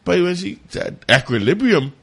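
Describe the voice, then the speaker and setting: A man telling a story in casual chat, animated and profane. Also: normal speed, creaky, breathy edge. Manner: animated, profane, jumps high when quoting. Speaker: podcast co-host.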